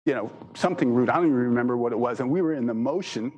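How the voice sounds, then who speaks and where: A medium-pitched, slightly mellow male voice races through rambling business anecdotes, peppered with "you know" and his own laughter. The audio is poor, with a little background noise, and the tone is casual storytelling.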